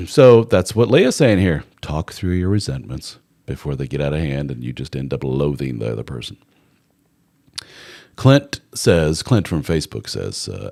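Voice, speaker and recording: Man, very low voice, animated swinging intonation, live advice host, blunt and candid, casual swearing. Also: vocal fry. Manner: acts out quoted people in mock voices.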